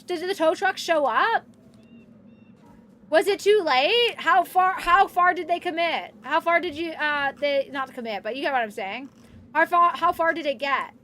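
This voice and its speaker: High-voiced chatty woman streamer. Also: moderate pace, a little hiss or hum. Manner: chatty and excitable, reacting out loud; soft doting baby talk to her pet. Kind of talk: casual live-stream chat while gaming.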